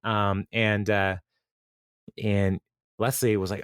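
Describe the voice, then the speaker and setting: A man's voice: lowish voice, steady tone, moderate pace, clean tone, no room sound, studio quality. A man hosting a podcast, chatting casually as he recounts scenes, full of fillers and restarts. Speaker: podcast host. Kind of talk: casual recap chat.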